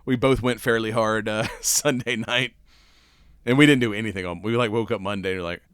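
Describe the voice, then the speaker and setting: Male podcast host, raspy and hoarse, low voice, laid-back rambling chat, dry close mic. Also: fairly even intonation, brisk, fairly bright tone, no room sound. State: hoarse from cigars and whiskey.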